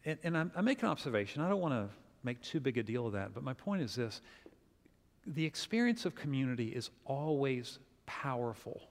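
A middle-aged man preaching a sermon, telling a family story in an animated way and acting out the quotes. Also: medium pitch, fairly quick. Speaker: pastor. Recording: long hall reverb.

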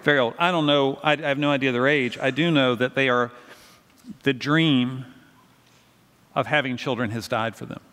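A man's voice: medium pitch, steady tone, moderate pace, pauses often, fairly bright tone, big-room sound. A middle-aged male pastor preaching a sermon in a conversational, storytelling way, often asking the congregation questions.

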